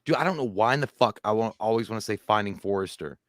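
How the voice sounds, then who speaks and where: A man's voice: fairly low pitch, fast, no echo, studio quality. A man co-hosting a livestream, rambling casually about movies, swearing and laughing often. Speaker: co-host.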